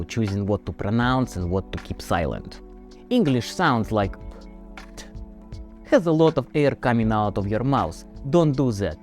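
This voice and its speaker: A man from Russia with a Russian accent, giving a comedic English pronunciation tutorial in a deadpan, mock-stern manner. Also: mid-range voice. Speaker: English teacher.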